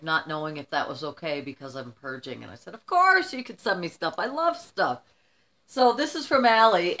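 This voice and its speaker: A woman's voice: mid-range voice, a bit bright, slight background noise. A middle-aged woman from the United States, chatting casually to camera while opening gifts, emotional and rambling.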